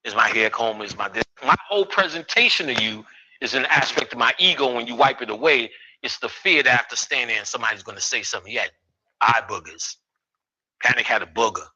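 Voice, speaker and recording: A man's voice: medium pitch, quick pace, bright, forceful tone, husky, low-quality recording. A man in his fifties giving a live lecture to an audience, joking and swearing as he riffs with the crowd. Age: 50s. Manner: profane, joking, riffing with the audience. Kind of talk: live comedic spiritual lecture.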